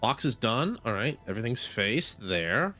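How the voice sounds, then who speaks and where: Male gaming creator, casual commentary, playful and mock-grumpy, animated pitch, faint game music behind. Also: normal speed.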